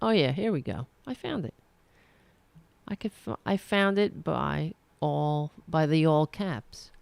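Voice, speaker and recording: A woman hosting her own political commentary show rants angrily to camera, indignant, sarcastic and swearing plenty. Her voice is low, slow, creaky, darkish and smooth, recorded dry.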